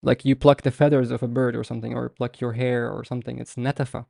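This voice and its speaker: Gravelly-voiced man teaching Arabic letters. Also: mid-range voice, level tone, darkish tone, dry recording, studio quality. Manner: repeats words slowly, explains patiently. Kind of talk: live online language lesson.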